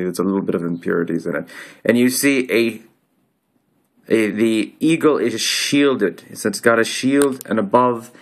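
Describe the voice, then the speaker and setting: A man's voice: on the low side, a bit bright. A man casually explaining coins he holds up to the camera, talking in a put-on accent with a loose, rambling delivery that keeps breaking off and restarting. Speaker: video host.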